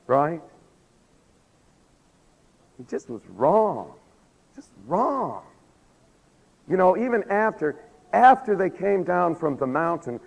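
A man preaches a sermon, animatedly telling a story, acting out the quotes, and asking the congregation questions even as he loses his voice. His voice is on the high side with vocal fry, and a long hall reverb fills the recording.

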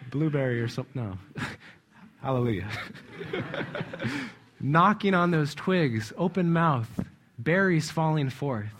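A man's voice: on the high side, sing-song, takes it slowly, pauses often, husky. Man giving an emphatic, chatty sermon. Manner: warm, emphatic, chuckles often. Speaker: church speaker. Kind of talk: conversational sermon.

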